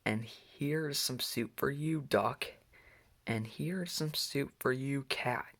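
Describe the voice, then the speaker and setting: Un hombre leyendo como un osito alegre y entusiasta. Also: male voice, mid-range voice, slow, a bit bright, voice pushed up. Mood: eager. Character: cheerful little boy bear cub. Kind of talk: reading a children's book aloud.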